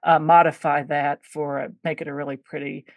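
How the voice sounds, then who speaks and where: A woman's voice: deep voice, little pitch movement, normal speed, no room sound, clean studio sound. A woman hosting a podcast, chatting casually with a guest and telling stories with plenty of fillers. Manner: chatty, storytelling, many fillers. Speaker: podcast host. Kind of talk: casual interview chat.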